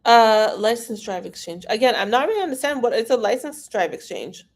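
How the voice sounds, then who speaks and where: A woman's voice: on the high side, lively intonation, fairly quick. A woman from Iran, an immigration consultant, answering viewer questions in a frank, casual live-stream Q&A and reading the questions aloud.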